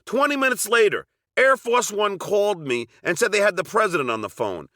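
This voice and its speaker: A man's voice: high voice, animated, brisk, sharp tone, dry recording, clean studio sound. A middle-aged man with a Long Island accent narrating a personal story from a script, with wry, sardonic asides.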